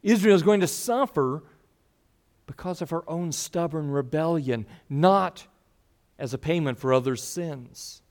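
A man preaching a sermon in a fairly high voice. He reads scripture aloud and acts out the people in the story, with plenty of expression. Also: measured pace, darkish tone.

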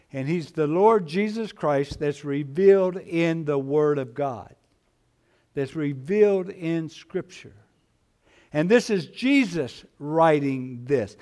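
Slow, emphatic man preaching a sermon. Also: a little high, a little mellow. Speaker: pastor.

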